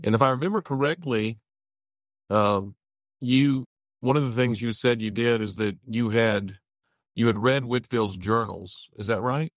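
A man's voice: mid-range voice, unhurried, no echo. Co-host: man, mid-range voice, dry close sound, searching questions with restarts. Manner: searching, restarts phrases while asking. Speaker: co-host, pastor. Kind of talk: interview questioning.

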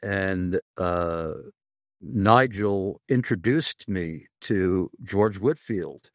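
Deep-voiced man hosting a faith interview. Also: no room sound, studio quality. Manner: measured, pausing often with "uh". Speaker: pastor and podcast host. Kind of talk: conversational interview.

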